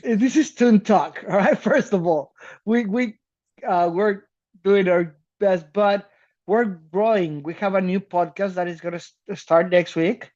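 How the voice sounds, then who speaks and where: Animated podcast co-host, dull lo-fi sound. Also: male voice, high voice, unhurried. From South America. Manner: animated, laughing, swears casually. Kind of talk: casual chat.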